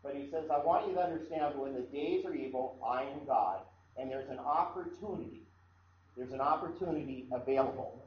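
A man's voice: medium pitch, a little fast. Male pastor from Iowa, sermon, conversational, restarts phrases, echoey hall, dull faint-noise recording.

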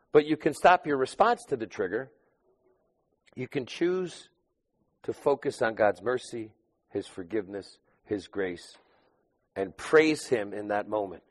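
A man preaching a sermon, talking to his listeners as if in casual conversation. His voice sits at a middle pitch. It swings between loud emphatic bursts and quiet, low asides. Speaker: pastor.

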